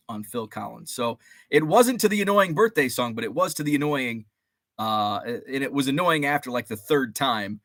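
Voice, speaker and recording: A man around forty hosts a relaxed live chat show in a slightly raised, very animated voice that swings up and down as he rambles and reminisces. He greets viewers by name and swears mildly. The sound is close and dry, with no room around it. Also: a little high, no echo. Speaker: host. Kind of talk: casual livestream chat.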